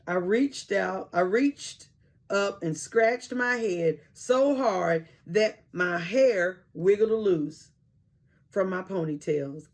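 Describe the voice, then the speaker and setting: A woman storyteller reading a children's story aloud, taking her time over each line. Her pitch sits in an ordinary middle range, and she reads with expression.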